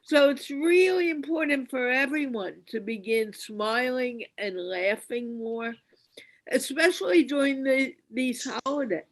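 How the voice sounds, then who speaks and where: A woman's voice: sits high, a little slow, rough recording. A woman hosting an online panel, speaking in an earnest, encouraging way over a video call. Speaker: host. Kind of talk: casual panel talk.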